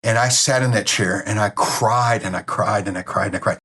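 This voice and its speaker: A man's voice: fairly low pitch, a little fast, sharp tone, breathy edge. A man speaking as an interview guest, telling a personal story in a blunt, plainspoken and openly emotional way. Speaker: guest sharing a near-death experience.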